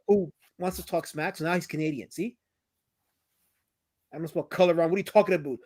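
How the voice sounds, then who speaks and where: A man hosting a livestream, teasing his chat and guest in casual banter, swinging from loud outbursts to mumbled asides. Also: a little high, fairly even intonation, a little fast, pauses often, no room sound. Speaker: livestream host.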